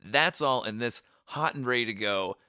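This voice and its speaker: A hoarse man with a raspy voice, co-hosting a podcast in a playful, joking casual chat. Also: medium pitch, moderate pace, pushed and bright, no echo, studio quality. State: hoarse, raspy voice after shouting at camp. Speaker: podcast co-host.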